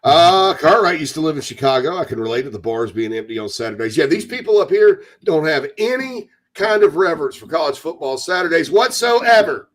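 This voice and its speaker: A man hosting a casual sports talk radio show from the American South, chatty and animated, slipping into mock voices. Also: on the high side, fairly quick, few pauses. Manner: animated, breaks into loud mock voices and laughter.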